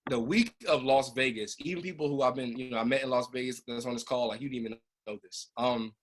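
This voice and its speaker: A man who trains a business group, telling an emotional personal story in a casual, animated way over a video call. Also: medium pitch, fast talker.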